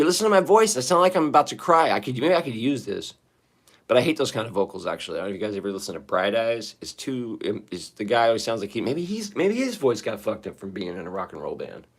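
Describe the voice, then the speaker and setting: Hoarse, shaky-voiced man rambling to chat. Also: on the low side, sing-song, fairly quick. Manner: rambling, profane, talking to chat. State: hoarse, shaky voice after singing. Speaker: livestreamer. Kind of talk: casual live-stream chat. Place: sitting in a bathroom.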